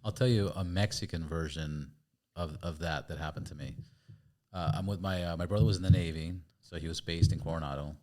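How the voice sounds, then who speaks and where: A man's voice: deep voice, a little fast. A man, the podcast host, casually telling a story and acting out voices and sounds. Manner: lively, acts out quoted voices and sounds.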